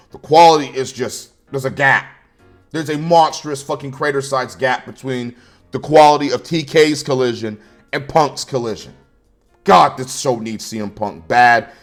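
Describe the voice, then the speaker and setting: A man's voice: mid-range voice, normal speed, faint music behind. A man ranting through a wrestling show review, angry and sarcastic, swearing constantly.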